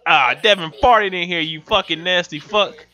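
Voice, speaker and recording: A young man giving loud, profane, excitable commentary while playing a life-sim game, swinging from yells to mutters. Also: high voice, normal speed. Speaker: gaming YouTuber. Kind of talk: profane comic gameplay commentary. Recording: dull lo-fi home mic with game music.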